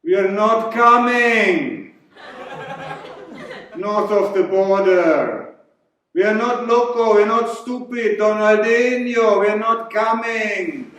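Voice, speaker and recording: A man voicing a boisterous, mocking Mexican man in a sombrero, with a mock Spanish accent and drawn-out sing-song calls. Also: high voice, a bit bright, voice pushed up. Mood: taunting, boisterous. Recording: echoey hall from far off.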